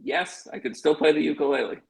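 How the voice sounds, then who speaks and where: Animated storytelling man, swears freely. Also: fairly high pitch, brisk, creaky, rough recording. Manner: animated, swearing, acts out quoted voices. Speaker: guest telling a life story. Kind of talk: casual conversational storytelling.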